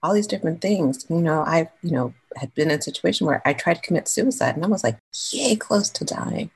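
A woman's voice: low-pitched, lively intonation, brisk, vocal fry, breathy edge, rough recording. A woman from California telling her own story as a guest in a casual, chatty, slangy way. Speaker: podcast guest.

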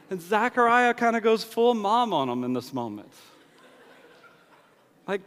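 A man's voice: high-pitched, sing-song, a little slow, pauses often, fairly bright tone, clean tone. A man preaching a sermon in a loose, conversational way, acting out bits of dialogue. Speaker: pastor. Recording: long hall reverb.

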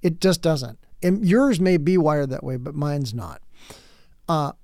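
A man in his late fifties talks through a candid lecture as a podcast host, blunt and earnest, tripping over his words and starting phrases again. His voice sits a little high for a man. The sound is dry and close, with no room around it. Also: lively intonation, unhurried, a little mellow, no room sound. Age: late 50s.

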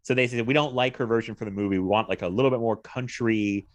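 A man's voice: mid-range voice, fast, lo-fi sound. A man co-hosting a podcast, talking about films in a rambling, chatty way and laughing often. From United States. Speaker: podcast co-host. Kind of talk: casual chat about movies.

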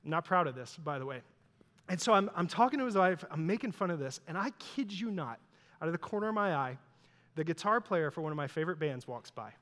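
A man's voice: fairly high pitch, expressive, brisk, fairly bright tone. A man preaching a sermon, telling stories in a conversational, self-deprecating way. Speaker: pastor. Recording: long hall reverb.

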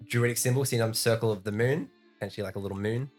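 A man playing a tabletop game, chatting casually with quick joking asides. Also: fairly low pitch, a little mellow, faint music behind. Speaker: player.

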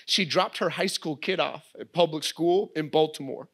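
A man's voice: a little high, moderate pace, vocal fry, slightly rough. A man, preaching a sermon as guest preacher, telling stories and voicing his daughter. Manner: animated storytelling, voices his daughter.

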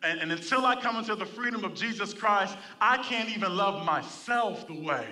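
Bright, high-voiced preaching man. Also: lively intonation, normal speed, distant mic. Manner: preaching with call-and-response to the congregation. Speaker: pastor. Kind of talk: sermon. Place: church.

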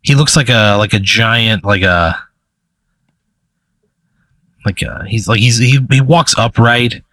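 A man's voice: lowish voice, slow, bright, forceful tone, no room sound, rough recording. A man acting as game master, narrating a hypothetical scene in a rambling, hesitant way full of fillers and restarts.

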